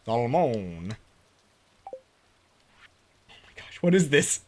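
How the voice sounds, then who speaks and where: Appalachian streamer rambling over a farm game, bouncy pitch, slow easy talk, keeps laughing. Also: very animated, slight background noise. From Appalachia, United States. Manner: rambling, laughs often, drifts into a put-on drawl. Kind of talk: casual gameplay commentary.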